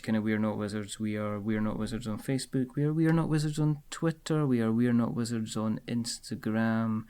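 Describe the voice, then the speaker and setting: A man hosting a casual podcast chat, chatty and quick to laugh. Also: mid-range voice, clear, resonant tone. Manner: chatty, laughs often, lots of fillers. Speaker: podcast host.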